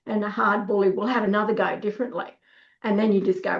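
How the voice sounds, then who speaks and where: A woman's voice: mid-range voice, fairly even intonation, fast, creaky, highs cut off. A middle-aged woman, talking casually on a webinar, telling stories and acting out what people said, with lots of restarts. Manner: storytelling, acts out quoted lines, many restarts. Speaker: workshop speaker.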